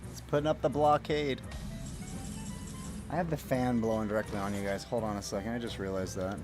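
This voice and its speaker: A man's voice: lowish voice, fairly even intonation, fairly quick, over music. A man streaming a game from home, telling a rambling story in casual chat with mild swearing. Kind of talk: casual chat while gaming.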